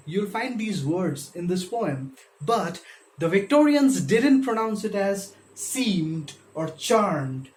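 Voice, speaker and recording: A literature lecturer giving a slow, explanatory video lesson, counting syllables and stresses aloud, with frequent hesitations. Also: medium pitch, sing-song, darkish tone. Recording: roomy echo.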